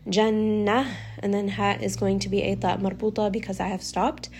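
A woman's voice: medium pitch, flat delivery, fairly quick, darkish tone, husky. Woman patiently teaching recitation rules. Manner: patient, repetitive explaining, with short recited demonstrations. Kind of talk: step-by-step explanatory lesson.

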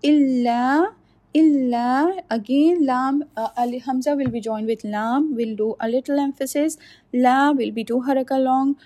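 A woman gives a recitation pronunciation lesson, drawing out each sound slowly and patiently. Her voice sits a little high but has a warm, mellow tone. The recording is dry and close. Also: no echo. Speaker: Quran recitation teacher.

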